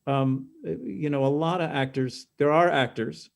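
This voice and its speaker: An older man talks in a gravelly, slightly raised voice. He is self-deprecating and halting, often trailing off into softer asides as he chats casually as a guest. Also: a little high. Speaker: guest actor and audiobook narrator. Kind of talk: casual chat.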